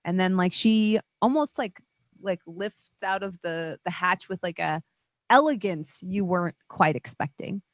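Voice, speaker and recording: A woman narrating as dungeon master in a tabletop game, relaxed and gentle, with lots of fillers. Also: on the low side, unhurried, no room sound.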